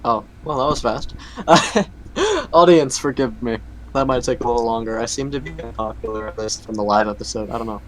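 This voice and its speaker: Male podcast co-host, easygoing chat, frequent laughs, average pitch. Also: fairly quick, a bit bright, slight background noise, poor audio. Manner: laughs often, trails off and restarts. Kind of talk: casual chat.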